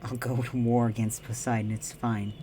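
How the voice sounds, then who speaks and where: A male streamer tears through a game with profane, joking asides and talks straight back at the screen. His voice sits at a middle pitch, close to a desk mic. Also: level tone, normal speed, mellow, slight background noise. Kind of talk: casual game commentary.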